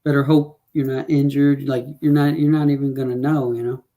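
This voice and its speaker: A man's voice: medium pitch, flat delivery, brisk, dark tone. Rambling man talking fight picks. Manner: rambling, checks stats aloud, filler-heavy. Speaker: podcast co-host. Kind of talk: casual fight predictions chat.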